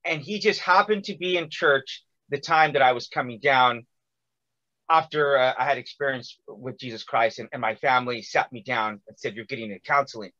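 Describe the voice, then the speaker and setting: A man's voice: medium pitch, moderate pace, muffled recording. A man telling a long personal story in casual conversation, acting out quotes with lots of fillers. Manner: animated, acts out quotes with many fillers.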